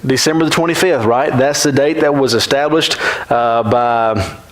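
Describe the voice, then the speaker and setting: A man's voice: mid-range voice, moderate pace, poor audio. A man teaching a Bible class in a church classroom, talking conversationally and often checking in with the class by asking "right?".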